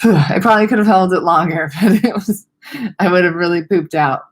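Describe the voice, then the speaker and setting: A young woman teaching vocal exercises in a casual online webinar, relaxed and self-deprecating, with a little vocal fry at the ends of her sentences. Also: lowish voice, fairly quick. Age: young adult. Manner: friendly, loose, laughs at herself, demonstrates vocal exercises. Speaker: speech therapist.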